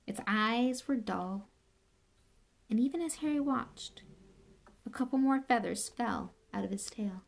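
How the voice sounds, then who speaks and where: A woman reading a novel aloud with expressive, measured storytelling. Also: mid-range voice. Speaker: reader.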